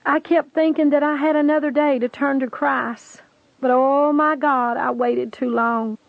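A woman's voice: sits high, steady tone, unhurried, vocal fry, dry recording. A woman voicing a tormented woman in hell who pleads and confesses with remorse, on a dry lo-fi tape recording. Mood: remorseful. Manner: anguished, confessional.

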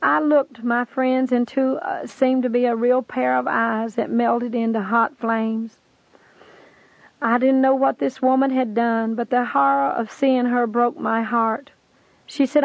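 A woman's voice: a little high, fairly even intonation, a little slow, gravelly, dry recording. A woman giving an earnest, impassioned spiritual testimony on a dry lo-fi tape recording.

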